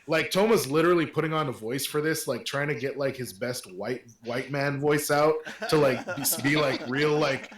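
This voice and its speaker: A man's voice: mid-range voice, normal speed, hardly any pauses, echoey room. A man playing a tabletop game, talking casually with lots of swearing and rambling fillers. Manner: profane, rambling with many fillers.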